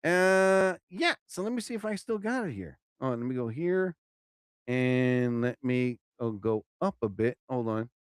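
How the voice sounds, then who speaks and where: A man hosting his own live show, rambling casually and exclaiming loudly as he talks. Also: mid-range voice, big pitch swings, a little slow, clean tone, no echo, studio quality. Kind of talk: casual live-stream monologue.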